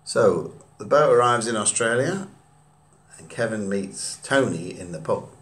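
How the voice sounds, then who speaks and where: A man narrating his own musical, reading a script aloud quickly and stumbling over names now and then. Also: lowish voice, expressive, fairly bright tone.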